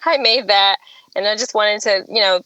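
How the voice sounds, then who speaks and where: A woman's voice: medium pitch, normal speed, clean tone, no room sound, muffled recording. A woman guest on a podcast, telling her own story in a candid, chatty way and laughing often. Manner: earnest, chatty, laughs often, animated when quoting others.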